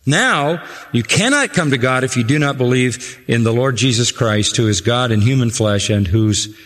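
A man's voice: medium pitch, expressive, normal speed, a bit bright, big-room sound. A man preaching a sermon, stressing and repeating key phrases for emphasis.

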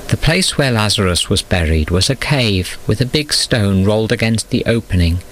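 A man giving scripted storybook narration in a steady, measured reading. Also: fairly low pitch, a little hiss or hum, poor audio.

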